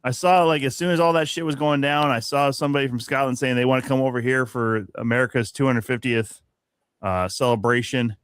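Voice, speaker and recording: A man's voice: medium pitch, fairly even intonation, brisk, fairly bright tone, clear, resonant tone, dry recording. A man co-hosting a podcast, ranting profanely in casual sports chat and laughing often. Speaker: podcast co-host.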